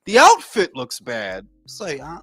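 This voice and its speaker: A man hosting a casual boxing panel chat, excitable, profane and rambling. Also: a little high, unhurried, gravelly, breathy edge, no echo, studio quality. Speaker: podcast host.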